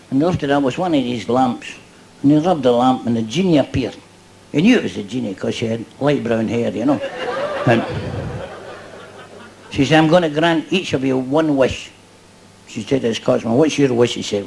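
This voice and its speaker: A man's voice: mid-range voice, creaky, a little mellow, a little hiss or hum, low-quality recording. An older Scottish man doing a stand-up routine before a live audience, chatty and cheeky, laughing at his own jokes. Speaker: stand-up comedian.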